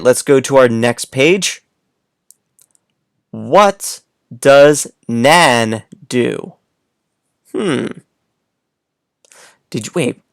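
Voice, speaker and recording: A man's voice: a little high, dry recording, clean studio sound. A man teaching a read-aloud lesson to young children, playful and coaxing, speaking straight to the listener.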